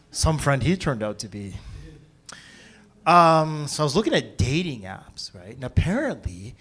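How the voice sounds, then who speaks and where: A man in his forties, deadpan on a comedy club stage, building setups to punchlines. His voice is bright and lively, sitting a little high for a man. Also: slow pace, long pauses, husky. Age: 40s. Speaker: stand-up comic. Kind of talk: stand-up set at an open mic.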